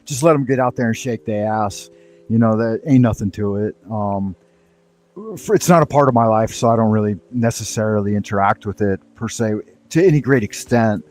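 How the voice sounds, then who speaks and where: A man's voice: lowish voice, fairly quick, darkish tone. A man hosting a casual panel chat, talking loosely and swearing, with hustling plugs for his show. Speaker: show host.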